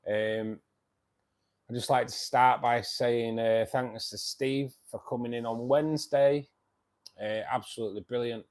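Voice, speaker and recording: A tired man hosts a fishkeeping live stream in a medium-pitched, steady voice at a measured pace. Casual and chatty, he reads viewer comments, calls everyone "mate," and tends to ramble and restart.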